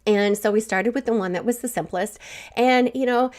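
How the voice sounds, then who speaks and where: A woman's voice: on the high side, normal speed. Grandmotherly woman telling a faith talk. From Southwest Missouri. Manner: warm storytelling with laughs. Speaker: podcast host. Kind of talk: faith-based encouragement talk.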